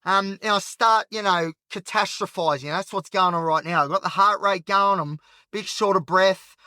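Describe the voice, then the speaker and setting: A man's voice: sits high, moderate pace, pushed and bright, no room sound. Australian male podcast host, agitated, rambling monologue from his car, dry close sound. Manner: rambling and frank, heavy on filler. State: agitated and anxious. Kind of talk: candid solo monologue while driving. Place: inside a car at night.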